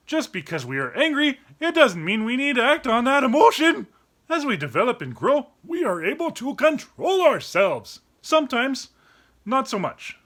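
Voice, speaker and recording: A playful young cartoon dog, as a man voices him, hosting a kids' lesson with a very high, bright voice. He swings his pitch all over and bursts into barks and yelps to act out feelings. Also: exaggerated voice. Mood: earnest explaining. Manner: playful, acts out each emotion with sudden cries. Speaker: children's show host. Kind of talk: kids' educational explainer.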